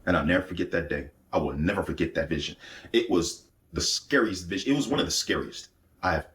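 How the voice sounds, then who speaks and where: A man with a lowish voice recounts a personal spiritual testimony. He tells it intensely, circling back on phrases and restarting sentences as he goes. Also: quick pace, fairly bright tone. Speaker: speaker giving a religious testimony.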